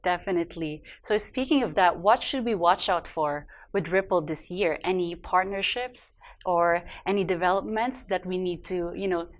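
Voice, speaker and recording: A woman's voice: fairly low pitch, moderate pace. A woman interviewing a guest at a tech conference, upbeat, friendly and enthusiastic. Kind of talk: conversational interview.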